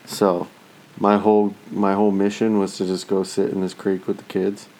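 A man in his thirties talks casually, swearing freely as he tells his stories. His voice is low and dark, and he acts out other people's lines with quick, animated turns. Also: rough recording. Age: 30s. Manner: profane, animated storytelling with voiced asides. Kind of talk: casual chat.

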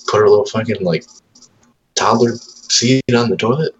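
Deep-voiced thirties dad, swears freely, mimics his kid in chat, faint background hum. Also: brisk, long pauses, low-quality recording. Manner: profane storytelling, acts out his toddler's lines. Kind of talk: casual chat.

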